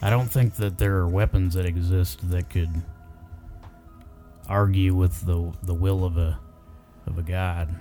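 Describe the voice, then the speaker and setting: Low, mellow-voiced man reasoning calmly. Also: unhurried, long pauses, faint music behind. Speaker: player. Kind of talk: in-character tabletop game play.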